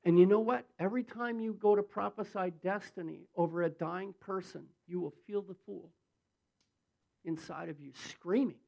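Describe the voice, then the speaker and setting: A man preaches from the pulpit in a high, raspy-edged voice. He tells stories by acting out each speaker's lines, then rises into fervent prayer. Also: normal speed, dark tone, poor audio. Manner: storytelling, acts out quotes, builds to fervent prayer. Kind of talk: sermon and prayer.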